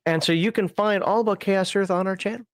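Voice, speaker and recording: A man co-hosting a relaxed tabletop gaming talk show, rambling with frequent laughs and fillers. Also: high-pitched, quick pace, no echo, clean studio sound. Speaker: podcast co-host reviewing a tabletop magazine. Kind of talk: casual chat.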